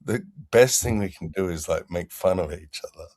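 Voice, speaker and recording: A man's voice: low-pitched, moderate pace, darkish tone, dry recording. Blunt, cursing Australian man. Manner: blunt, profane, joking. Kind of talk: casual chat.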